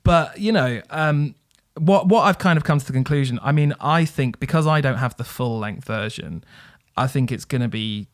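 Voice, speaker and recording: A man's voice: medium pitch, moderate pace, dry recording, studio quality. A man co-hosting a music podcast, talking in a nerdy, enthusiastic way with frequent fillers. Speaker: podcast co-host. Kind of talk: casual music review chat.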